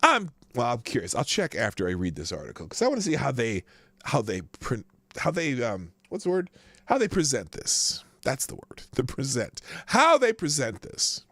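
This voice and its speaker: A man hosting a casual live news stream, mocking the headlines with sarcastic asides, laughing often and jumping from loud outbursts to low mutters. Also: wildly swooping pitch, normal speed, dry recording.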